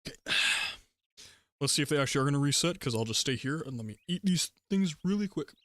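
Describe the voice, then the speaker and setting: A young man streaming a game, chatting casually in a rambling, relaxed way and laughing often between thoughts. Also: on the high side, brisk, no echo. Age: young adult. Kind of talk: casual gaming livestream chat.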